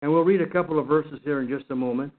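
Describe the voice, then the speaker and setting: A man with a high voice teaches a Bible study lesson, pressing his points earnestly and doubling back on his words as he goes. His voice comes through a narrow, phone-like line. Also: fast talker. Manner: earnest, emphatic, repeats and restarts words.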